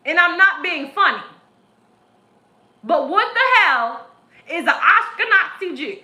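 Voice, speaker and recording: A woman's voice: sits high, animated, a little slow, bright, forceful tone. A woman tarot reader on a live stream, ranting in an aggressive, profane, preachy way. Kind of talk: live-stream spiritual rant. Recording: echoey room.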